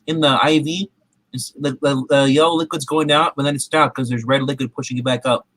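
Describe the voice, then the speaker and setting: A man's voice: medium pitch, steady tone, fairly quick, a bit bright, no room sound, rough recording. A man reviewing a movie in casual chat, rambling with frequent restarts and fillers.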